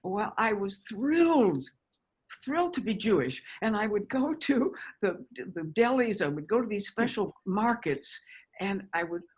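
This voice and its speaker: A woman in her nineties, an actress reminiscing in a chatty, halting way over a video call. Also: medium pitch, big pitch swings, a little mellow, slightly rough. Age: 90s. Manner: chatty, halting with restarts and laughter. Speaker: actress guest. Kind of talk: casual interview reminiscing.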